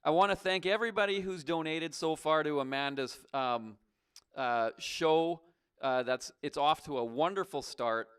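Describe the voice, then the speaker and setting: A young man hosts a call-in show with a fairly high, smooth and resonant voice. He needles his caller with mock suspicion in loose, casual banter. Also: normal speed, fairly bright tone.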